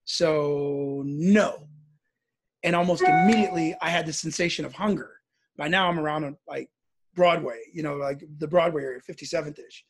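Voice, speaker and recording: A Midwestern American man tells a personal story casually and conversationally, at normal speed. His voice is husky and pitched high for a man, and he brings the tale to life by acting out its characters.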